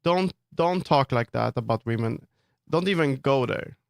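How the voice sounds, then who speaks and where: A man's voice: mid-range voice, animated, moderate pace, creaky, no room sound, studio quality. A man streaming live, answering his viewers' chat while he works on 3D models, firm and earnest when he sets limits. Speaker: livestreamer and 3D model customizer. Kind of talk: casual livestream chat, answering chat.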